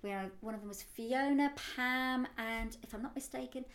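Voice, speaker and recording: A woman co-hosting a casual podcast chat tells anecdotes in a chatty, giggly way. Her voice is high-pitched and fairly bright, and she keeps a moderate pace.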